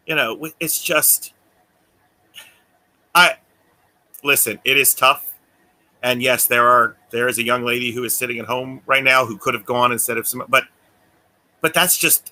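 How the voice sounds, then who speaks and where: A podcast co-host with a strikingly bright, edgy voice rambles through casual chat. He laughs often and slips into the voices of people he quotes. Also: mid-range voice.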